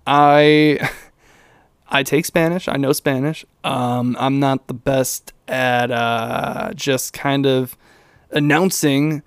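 A young man rants through a casual solo podcast, tripping over names and swearing freely as he goes. His voice comes across smooth and clear over a dry, close mic. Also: fairly high pitch, dry recording. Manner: rambling, profane, self-mocking, lots of fillers. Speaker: podcast host.

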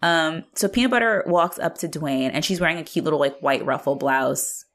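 Low-voiced chatty woman podcaster. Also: moderate pace, a bit bright. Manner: chatty, swears freely, lots of "like". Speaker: podcast co-host. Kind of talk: casual recap chat.

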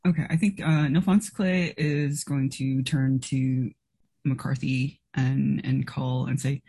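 Tabletop player, woman, hesitant and musing, deep and very husky. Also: lively intonation, normal speed, warm tone. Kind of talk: describing her character's actions in a tabletop game.

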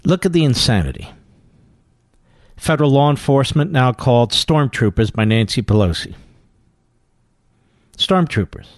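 A man's voice: mid-range voice, no echo. A man hosting a talk radio show, delivering combative, scornful commentary into a studio microphone.

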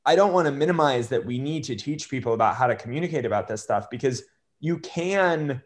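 Earnest young man with halting speech. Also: mid-range voice, expressive. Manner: earnest, halting, many restarts and fillers. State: choked up with emotion. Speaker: guest. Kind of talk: conversational interview.

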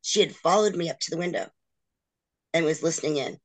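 A woman's voice: deep voice, a little fast. Emotional middle-aged woman telling her story. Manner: emotional, frank, acts out others' quoted words. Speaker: interview guest. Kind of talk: candid personal storytelling.

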